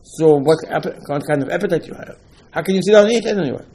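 A man with giving an informal Torah lecture, rising to emphatic questions and dropping low again. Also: quick pace, warm tone, slight background noise, poor audio. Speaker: rabbi giving a talk.

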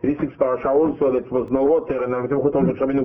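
A man giving a religious lesson, halting and repeating words as he acts out dialogue. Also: mid-range voice, little pitch movement. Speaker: rabbi teaching a class. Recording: husky voice over a phone-like line.

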